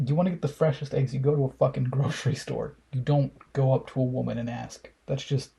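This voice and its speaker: A man's voice: mid-range voice, gravelly, warm tone, husky. A young man giving casual, profane commentary while reacting to memes, mocking and sarcastic.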